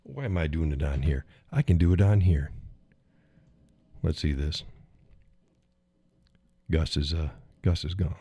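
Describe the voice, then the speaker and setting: A man's voice: extremely low pitch, animated, a little slow, long pauses, warm tone, breathy edge, no echo. A man hosting a casual live stream, reading chat messages aloud, swearing often and laughing between lines.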